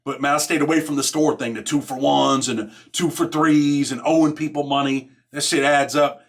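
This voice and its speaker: A man's voice: fairly high pitch, steady tone, normal speed. A middle-aged man telling a jailhouse story in street slang, filling his talk with "man" and "right?". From Rochester, New York. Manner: streetwise slang, constant "man" and "right?", acts out others' lines. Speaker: podcast host telling prison stories. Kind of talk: casual storytelling monologue.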